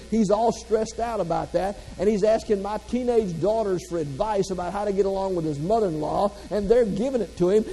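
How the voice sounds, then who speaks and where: A man's voice: high-pitched, dark tone, low-quality recording. A man giving a humorous motivational keynote speech, telling folksy stories and joking straight to the audience. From Southern United States. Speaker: motivational speaker.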